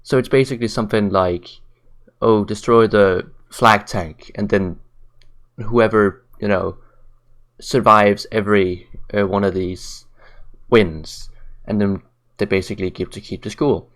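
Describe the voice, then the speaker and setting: A man's voice: lowish voice, steady tone, a little slow. A man ranting on camera in a blunt, profane, mocking way, tired late at night. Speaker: commentary vlogger. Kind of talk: ranting commentary.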